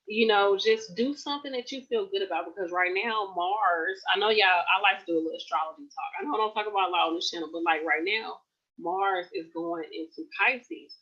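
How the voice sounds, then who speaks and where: Relaxed, chatty woman in her late twenties. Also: medium pitch, moderate pace, slightly rough, muffled recording. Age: late 20s. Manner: relaxed and chatty, addresses viewers as y'all. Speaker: nurse vlogger. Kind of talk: casual chat on a livestream. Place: at home.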